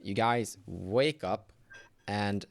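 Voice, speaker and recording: A man's voice: lowish voice, very slow, gravelly. A man narrating a horror tabletop game as game master, describing scenes to the players.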